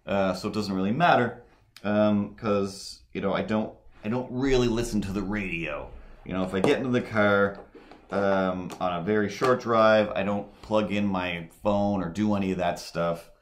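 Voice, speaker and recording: A man's voice: lowish voice, steady tone, moderate pace, slight background noise. A man hosting a live drawing stream, chatting casually in a rambling way with many fillers and restarts. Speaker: livestream host.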